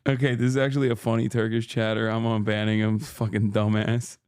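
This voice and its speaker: A man hosting a live stream, reading chat messages aloud and reacting quickly with swearing and laughter. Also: on the low side, flat delivery, a little mellow, clean tone, no echo.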